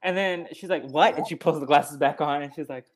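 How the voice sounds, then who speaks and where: Guy hosting a podcast, kinda high voice, chatty, lots of ums. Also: a crowd in the background. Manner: chatty, halting with fillers, acts out quotes. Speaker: podcast host. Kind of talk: casual chat recapping a film.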